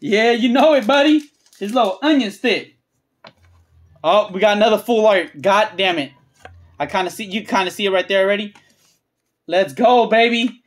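A channel host opening trading card packs on camera, calling out each card and getting loudly excited and cursing at big pulls. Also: mid-range voice. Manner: excitable, swears freely, yells at big pulls; drawn-out, emphatic phrasing between muttered card lists. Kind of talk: hyped pack-opening vlog commentary.

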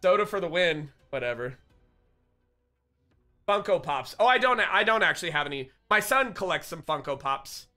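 A man's voice: high-pitched, animated, normal speed, bright, forceful tone, soft background music. A man streaming live, chatting casually and joking with his viewers, often breaking into laughter.

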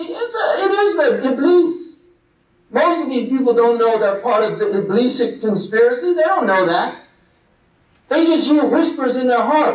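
A man's voice: extremely high pitch, unhurried. A man giving an impassioned sermon full of rhetorical questions. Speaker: religious lecturer. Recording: echoey hall, distant mic.

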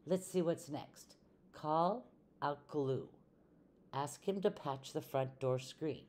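A woman's voice: deep voice, slow pace, a little mellow. A woman reading as a chirpy literal-minded housekeeper. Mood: cheerful.

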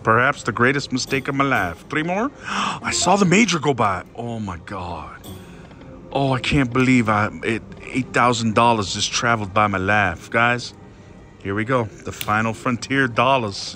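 A man commenting excitedly on his own slot machine play, talking to his viewers and swinging between hushed worry and loud outbursts. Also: medium pitch, slight background noise.

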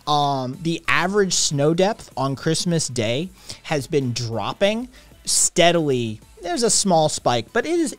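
A man's voice: on the high side, no echo. A man hosting a live stream, chatting casually in a sarcastic, profane, joking way. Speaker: stream host. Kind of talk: casual chat.

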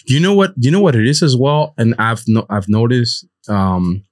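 A man's voice: mid-range voice, normal speed. Rambling, laughing male co-host. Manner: rambling, restarts, laughs as he talks. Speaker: podcast co-host. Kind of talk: casual chat.

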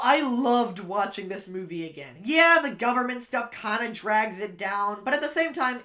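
A woman's voice: fairly high pitch, sharp tone. A woman giving a casual, enthusiastic movie review as a video creator, playful in her delivery.

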